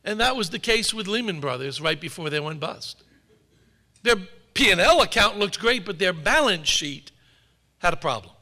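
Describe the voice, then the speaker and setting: A man's voice: high voice, expressive, moderate pace, bright, forceful tone. A man giving a public talk to an audience, telling stories with wry humor. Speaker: speaker. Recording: long hall reverb.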